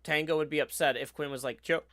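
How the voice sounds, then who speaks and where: A man's voice: fairly high pitch, fairly even intonation, quick pace, a bit bright, dry recording, clean studio sound. Playful man narrating his gameplay. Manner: playful, explains the game as he plays. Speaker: game streamer host. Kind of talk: casual gameplay commentary. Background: game music.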